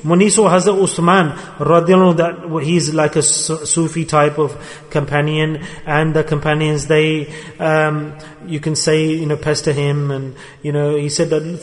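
A man's voice: on the high side, level tone, normal speed. A man preaching a sermon to a gathering in a hall. He retells a story with emphasis and asks his listeners rhetorical questions. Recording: long reverberant hall.

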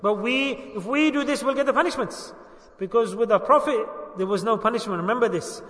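A man preaching a religious sermon, who asks his listeners questions, answers them himself and urges them to say the answer loudly. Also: very high-pitched, brisk, roomy sound, long reverb tail, far from the mic. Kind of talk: religious sermon with call-and-response.

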